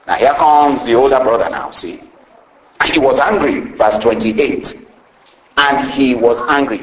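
With a high voice, a preacher retells a parable in lively fashion, tacking "see?" onto every point he makes. The sermon carries a roomy echo.

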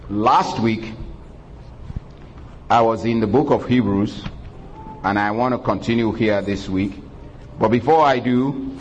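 A pastor preaching a sermon in a church, praying aloud, calling for amens and reading scripture in old-fashioned wording. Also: male voice, medium pitch, a little hiss or hum, low-quality recording. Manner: preacherly, drawn-out calls of praise and call-and-response.

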